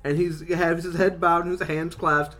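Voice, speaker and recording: A man's voice: on the high side, flat delivery, normal speed, fairly bright tone, soft background music. A man co-hosting a podcast in casual chat, laughing often and swearing freely. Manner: profane, laughing. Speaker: podcast co-host.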